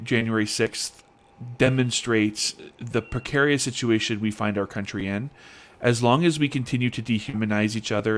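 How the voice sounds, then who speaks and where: A man co-hosting a casual podcast panel, talking in an earnest, halting way as he searches for words. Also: medium pitch. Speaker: podcast co-host.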